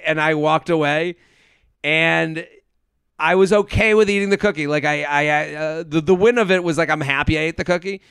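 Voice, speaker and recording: A man's voice: a little high, steady tone, normal speed, fairly bright tone, clear, resonant tone, no echo, studio quality. A man co-hosting a casual chat, telling stories animatedly, acting out quotes and swearing. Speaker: podcast co-host.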